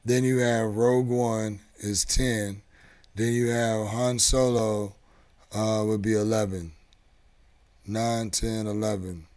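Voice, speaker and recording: A man hosting a casual live show, rambling along with lots of halting restarts. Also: lowish voice, little pitch movement, darkish tone. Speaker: show host. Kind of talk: casual live-stream chat.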